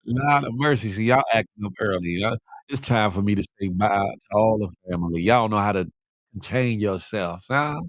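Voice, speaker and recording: A lower-pitched male voice at moderate speed belongs to a middle-aged man hosting a morning livestream. He reads viewer comments aloud, joking around in slangy, casual talk and often breaking into laughter, all in a dry, clean studio recording.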